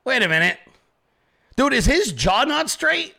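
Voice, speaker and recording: A man's voice: very high-pitched, big pitch swings, unhurried, gravelly, soft background music. A man hosting a podcast, ranting in crude, mocking commentary. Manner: crude, mocking, loud impressions. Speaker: podcast host.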